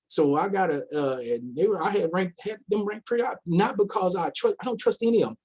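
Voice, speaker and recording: A man's voice: on the high side, darkish tone, slightly rough. A man giving casual commentary as an investment vlogger, firing off rhetorical questions, repeating himself and mocking imagined investors in quoted voices.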